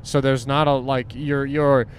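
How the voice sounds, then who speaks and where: A man's voice: mid-range voice, fairly even intonation, measured pace. Brief: easygoing young guy, casual car-ride banter, swears freely, faint road noise. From Southern California. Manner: laid-back, swearing, laughing, trailing off. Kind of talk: casual chat with a friend. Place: inside a moving car.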